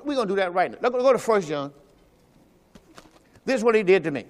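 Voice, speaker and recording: A high-voiced man preaching in a church, speaking. He swings from loud, pressing exhortation to low, confiding asides as he works through scripture. His voice rings out with a long reverb through the hall. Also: expressive, fairly quick. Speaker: pastor. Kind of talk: sermon. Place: church during a Sunday service.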